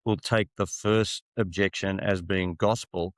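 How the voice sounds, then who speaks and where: A middle-aged man hosting a dental podcast, speaking in an animated, chatty way and quoting sales advice. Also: low voice, a little slow, no echo. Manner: animated, quotes sales trainers in lively put-on voices. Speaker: podcast host, dentist. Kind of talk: conversational podcast interview.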